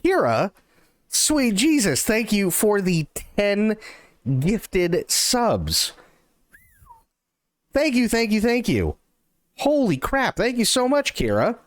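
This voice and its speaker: A man streaming live, telling a long joke and thanking viewers in an excitable, animated way. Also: high-pitched, takes it slowly, long pauses, no echo.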